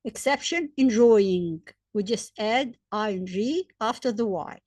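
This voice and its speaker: A woman, likely a native Arabic speaker, teaching English grammar step by step, spelling out letters, repeating examples and pausing with fillers. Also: medium pitch, animated, darkish tone, no echo. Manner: hesitant fillers between points. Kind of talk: slow, deliberate grammar lesson.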